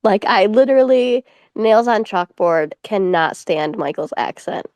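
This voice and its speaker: A woman hosting a casual fan discussion talks emphatically, with quick apologies and strong opinions. Her voice sits in a middle range, and the sound is dry and close. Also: mid-range voice, animated, a little mellow, no echo. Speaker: podcast host.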